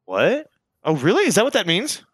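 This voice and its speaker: An excitable young man co-hosting a casual podcast, laughing often and swearing casually. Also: sits high, moderate pace, slightly rough, no echo. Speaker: podcast co-host. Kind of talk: casual chat.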